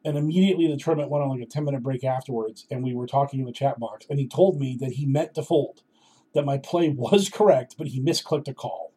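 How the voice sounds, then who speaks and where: A man's voice: mid-range voice, fast, mellow, breathy edge. A man in his thirties telling a casual personal story in a wry, self-deprecating way.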